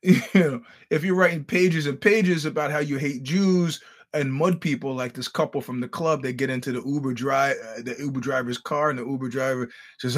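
Husky-voiced man telling blunt stories. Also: mid-range voice, moderate pace. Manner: wry, blunt, acts out quoted dialogue, frequent stammered restarts. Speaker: podcast host. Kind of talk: casual monologue with storytelling.

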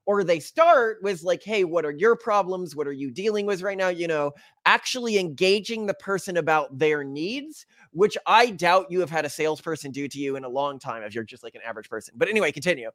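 A man's voice: on the high side, lively intonation, fairly quick, few pauses, a bit bright, no echo. Dry-sounding young male podcast host. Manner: analytical, summarizing, some hesitant restarts. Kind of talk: interview conversation.

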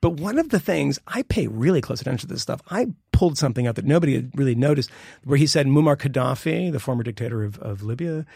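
A middle-aged man co-hosting a casual political podcast, rambling and emphatic, with sudden jumps in pitch. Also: lively intonation, fast talker, vocal fry, warm tone, husky, no echo, studio quality. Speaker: podcast co-host.

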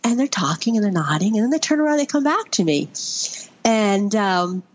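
A woman's voice: medium pitch, big pitch swings, fairly quick, highs cut off. A middle-aged woman from Vermont, a podcast guest, telling a story in a rambling, fond way with many fillers. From Vermont, USA. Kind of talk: conversational storytelling.

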